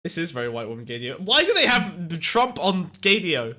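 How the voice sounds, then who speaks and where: A man hosting a podcast, chatting casually with jokey, excitable outbursts. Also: fairly high pitch, moderate pace. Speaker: podcast host. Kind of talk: casual chat.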